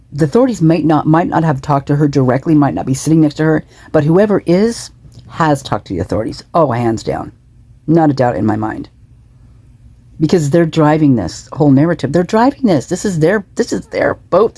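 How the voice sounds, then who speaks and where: A woman's voice: low voice, mellow, slightly rough, no echo. A woman giving indignant, emphatic reaction commentary on an interview clip, repeating herself for emphasis.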